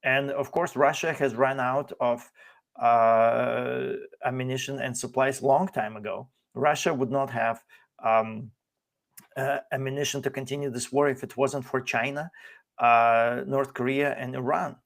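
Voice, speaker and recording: A man's voice: mid-range voice, fairly even intonation, creaky. Indignant man ranting with sarcasm. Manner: indignant, sarcastic, mocks others in put-on voices; halting, many fillers and restarts. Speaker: podcast host. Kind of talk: heated political discussion.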